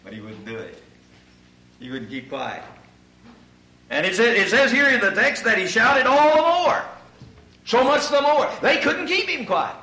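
A man preaching a sermon in a church hall. He addresses the congregation as ladies and gentlemen and swells into shouted emphasis on key points. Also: very high-pitched, sing-song, unhurried, pauses often. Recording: echoey hall, far from mic.

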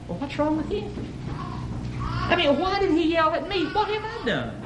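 A man voicing an offended male vice president who complains about being yelled at. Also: extremely high pitch, big pitch swings, moderate pace, echoey room, noisy background, pitched above the performer's own voice. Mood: hurt. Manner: complaining, self-pitying.

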